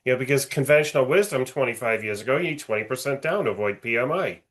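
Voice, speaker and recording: Man, average pitch, conversational guest, loose and easygoing delivery. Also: quick pace, fairly bright tone. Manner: conversational, many fillers and restarts. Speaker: guest investor. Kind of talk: casual chat on a video call. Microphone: video call.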